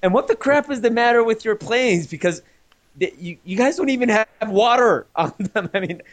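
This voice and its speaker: A man's voice: sits high, expressive, normal speed. A man with a slightly raised voice tells a story in loose, rambling chat. He fills gaps with "uh" and restarts his sentences, chuckling now and then. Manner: chuckles while talking. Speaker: comic artist telling a travel story. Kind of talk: casual podcast chat.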